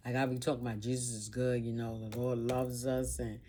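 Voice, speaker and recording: A woman's voice: very deep voice, flat delivery, brisk, noisy background. A woman vlogger telling a personal story in an emotional monologue, earnest and informal, piling up repeated phrases.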